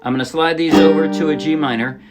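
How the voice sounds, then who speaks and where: A man teaching a song on ukulele in a relaxed, casual way, often correcting himself as he explains. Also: on the high side, fast, loud music behind the voice. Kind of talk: casual instructional talk. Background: his own ukulele playing.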